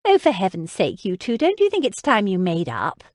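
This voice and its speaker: A woman's voice: mid-range voice, huge pitch swings, moderate pace, no echo, clean studio sound. A woman voicing a kind young lady in an audiobook, fond and mildly exasperated.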